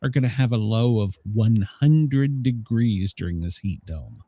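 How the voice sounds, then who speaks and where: A man's voice: medium pitch, animated, measured pace, warm tone, no echo, studio quality. A man co-hosting a casual livestream talk show, joking and rambling in a self-mocking way. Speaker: co-host of a daily news talk show.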